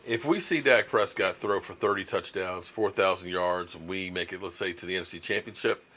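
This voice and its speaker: Middle-aged guy hosting a live stream, chatty, reads comments out loud. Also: sits low, fairly quick. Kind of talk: casual live stream chat about football.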